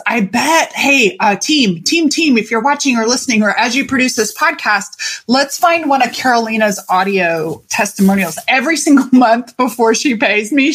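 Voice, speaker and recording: A woman hosting a podcast as a life coach, talking in an animated, chatty and playful way and swearing casually. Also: fairly high pitch. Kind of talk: solo podcast monologue.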